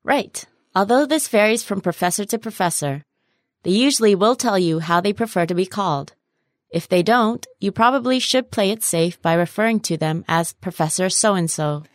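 A woman's voice: medium pitch, normal speed, dry recording, clean studio sound. A woman co-hosting a language lesson, reading vocabulary words aloud and repeating them. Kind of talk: scripted lesson presentation.

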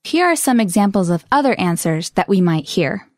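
Woman with a bright, animated teaching voice. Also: medium pitch, a little fast, no echo, clean studio sound. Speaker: English teacher. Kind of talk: scripted language lesson.

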